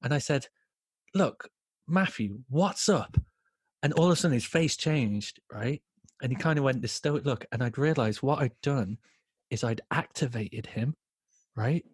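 An Irish man hosting a podcast, telling an absurd story deadpan and checking in with "right?". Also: medium pitch, normal speed, breathy edge, no echo, clean studio sound. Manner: rambling deadpan tall tale with many "right?" checks. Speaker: podcast host. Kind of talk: comedic storytelling.

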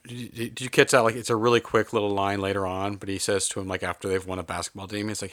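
A man with a fairly low voice talks through a movie review in loose, casual chat. He rambles and restarts, his delivery lively when he warms up. The sound is dry and close, with no room around him. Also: quick pace, few pauses, no echo. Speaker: podcast co-host.

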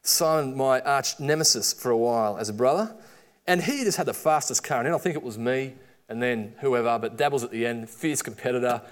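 A middle-aged man with an Australian accent preaching a sermon, with lively storytelling and quoted asides. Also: medium pitch, fairly quick.

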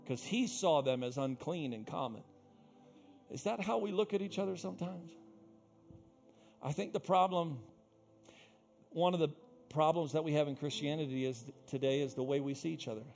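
A male pastor preaching a sermon, swinging between quiet asides and loud emphatic peaks, with playful self-teasing humor. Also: fairly high pitch, normal speed, gravelly, long pauses, soft background music.

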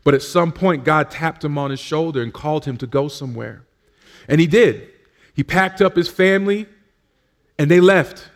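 A man's voice: fairly high pitch, normal speed. A man preaching in a church service, telling his own story in a conversational way with frequent fillers and restarts. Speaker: pastor. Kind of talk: sermon with personal testimony.

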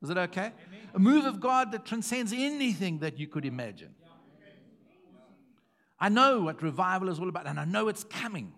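A middle-aged man preaching, his voice sitting a little high for a man. He repeats words for weight and drops to a hush before climbing back to a loud call. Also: big pitch swings, fairly quick, long pauses. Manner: emphatic, repeating phrases, swings from hushed to loud. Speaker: pastor. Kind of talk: sermon.

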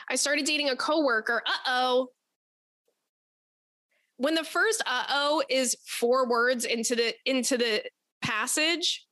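A young adult woman hosting an advice podcast, talking in a casual, rambling way, cursing often and telling animated stories. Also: high-pitched, takes it slowly, long pauses, no room sound. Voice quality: animated, profane, rambling storyteller. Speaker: podcast host.

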